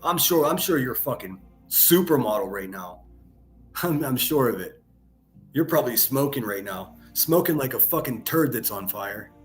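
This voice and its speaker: A man's voice: medium pitch, expressive, moderate pace, faint music behind. A man hosting a reaction commentary, mocking and sarcastic, with heavy profanity. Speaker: commentary channel host.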